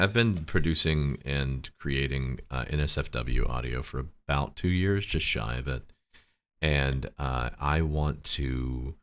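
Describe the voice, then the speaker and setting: A man hosting a casual livestream chat, sleepy and relaxed, rambling with frequent fillers. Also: very deep voice. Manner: relaxed, rambling, laughs often. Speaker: host. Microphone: desktop microphone.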